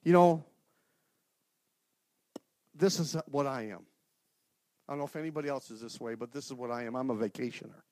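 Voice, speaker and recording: A middle-aged man giving an informal, earnest sermon to a men's group, swinging from loud outbursts to hushed prayer. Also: medium pitch, a little fast, long pauses, no room sound, clean studio sound. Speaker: lay speaker at a men's gathering.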